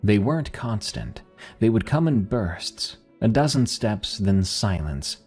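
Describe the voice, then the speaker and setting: Man narrating horror, very low husky voice, faint music under it. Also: big pitch swings, measured pace, a little mellow. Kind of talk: scripted first-person horror narration.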